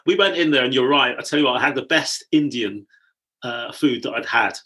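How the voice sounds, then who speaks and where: A man from England with a mid-pitched voice hosts a relaxed conversation. He tells anecdotes in a chatty manner and laughs easily as he goes. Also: fairly quick. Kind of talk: casual conversation.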